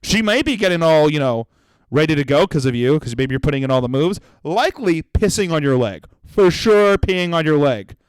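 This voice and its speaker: A young comedian from Florida rants on his podcast, loud and profane, slipping into quick acted-out voices. His voice sits a little high and swings widely in pitch. The sound is dry and close. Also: clean tone, no echo. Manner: animated, profane, yelling rant with acted-out voices. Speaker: comedian host.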